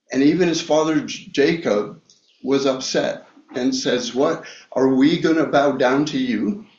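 A man preaching a Bible study sermon, talking slowly with many fillers and restarts. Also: mid-range voice, darkish tone. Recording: echoey room, dull lo-fi sound.

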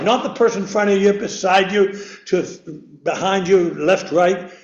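A man's voice: high voice, unhurried, lo-fi sound. An older man preaching a sermon in a chapel, rambling and repeating words, laughing at himself as he goes. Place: church chapel. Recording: echoey room.

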